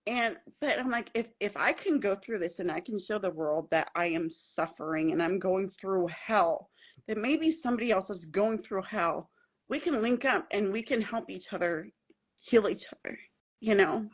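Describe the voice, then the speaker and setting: A woman's voice: mid-range voice, normal speed, slightly rough. A woman guest on a podcast telling a personal story in casual, earnest, emphatic talk, often repeating key phrases. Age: adult with children at home.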